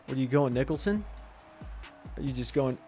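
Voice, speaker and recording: A young man giving casual, excitable commentary over a football video game, talking to the players on screen in slang. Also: medium pitch, a little fast, faint music behind. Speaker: gaming commentator.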